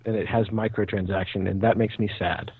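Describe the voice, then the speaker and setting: A man co-hosting a gaming podcast over a muffled online call, talking in a hesitant, halting way. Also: on the low side, steady tone, husky, no room sound. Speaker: podcast co-host. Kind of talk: casual gaming podcast chat.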